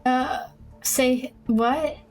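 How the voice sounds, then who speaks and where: A woman's voice: high-pitched, fairly even intonation, drawn-out words, soft background music, rough recording. A woman streaming a dating game, chatting casually, playful and dramatically whiny, mocking herself. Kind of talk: casual live-stream gameplay commentary.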